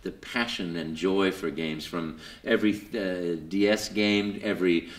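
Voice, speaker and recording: A man being interviewed at a convention, telling his story with lots of fillers and jumping into high put-on voices for quotes. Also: unhurried, echoey room. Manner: lots of fillers and repeated words. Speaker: voice actor guest. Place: convention hall.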